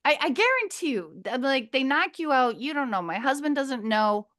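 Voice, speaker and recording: A fairly high-pitched woman in her fifties from Minnesota, talking as a podcast guest. She tells her story loosely and chattily, drifts into tangents, laughs a lot and swears without a second thought. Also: big pitch swings, moderate pace, fairly bright tone. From Minnesota, USA. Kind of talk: casual storytelling interview.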